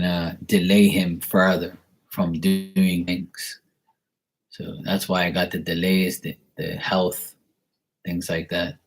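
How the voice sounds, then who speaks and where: A man doing a tarot reading and answering viewer questions in a rambling, casual chat full of "you know" fillers, blunt and sometimes swearing. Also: sits low. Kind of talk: casual live-stream chat.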